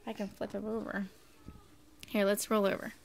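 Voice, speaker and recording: A woman's voice: mid-range voice, flat delivery, moderate pace, a little hiss or hum. A young woman filming at home with a handheld camera, coaxing her baby in sing-song baby talk.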